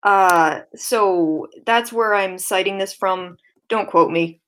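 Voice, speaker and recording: A woman's voice: mid-range voice, slow, fairly bright tone. A woman co-hosting a podcast in casual chat, hesitant, with many fillers and easy laughter. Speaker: podcast co-host.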